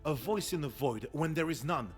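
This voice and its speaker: An actor playing a grandiose union leader with an odd foreign-sounding accent, speechifying over game music. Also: male voice, a little high, animated, normal speed, close to an everyday voice. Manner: self-important, speechifying.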